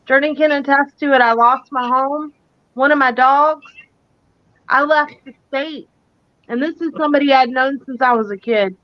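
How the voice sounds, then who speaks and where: A woman's voice: sits high, moderate pace, no echo, highs cut off. A woman co-hosting a live psychic talk show, speaking earnestly and emphatically, repeating her key points. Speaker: psychic co-host.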